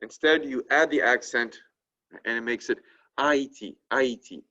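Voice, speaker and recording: A man teaching a language class, explaining each point slowly and checking in with "right?" after every idea. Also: mid-range voice, sharp tone. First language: French. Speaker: French teacher. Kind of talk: classroom lecture. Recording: dull lo-fi recording.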